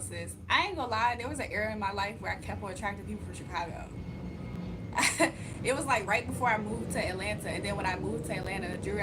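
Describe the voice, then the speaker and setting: A young woman talks loosely to her livestream viewers from home, laughing often and reading out comments as she goes. Her pitch sits in a middle range for a woman. A faint hum runs underneath. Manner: chatty, laughs often, reads chat aloud. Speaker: livestream host. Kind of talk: casual livestream chat.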